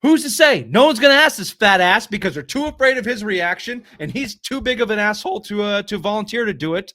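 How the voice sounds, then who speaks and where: A man's voice: sits high, a little fast, no echo, studio quality. A man co-hosting a casual sports podcast, ranting and swearing with lots of energy. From Boston area. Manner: ranting, profane, animated. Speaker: podcast co-host.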